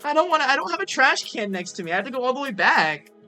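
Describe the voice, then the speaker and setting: A woman's voice: high-pitched, sing-song, fast, sharp tone, faint music behind. A young woman streaming a game, chatty and self-mocking, swearing casually between lines.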